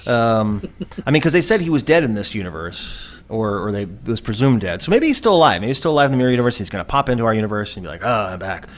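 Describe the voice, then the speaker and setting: Man, podcast co-host, casual chat, rambling with fillers, lively swinging pitch. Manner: animated, rambling with fillers and quick mimicked voices.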